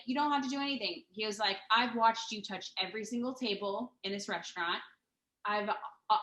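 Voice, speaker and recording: Woman, bright tense voice, rambling and sweary storyteller, room echo on the mic. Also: mid-range voice. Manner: rambling, profane, many fillers and restarts. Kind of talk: casual storytelling chat. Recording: roomy echo.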